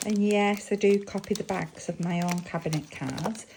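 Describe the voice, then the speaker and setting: A woman's voice: fairly low pitch, normal speed, creaky, heavy background noise. A woman with a Lancashire accent chatting casually at her craft table, thinking aloud and asking viewers questions as she works. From England. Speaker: crafting vlogger. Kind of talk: casual chat while crafting.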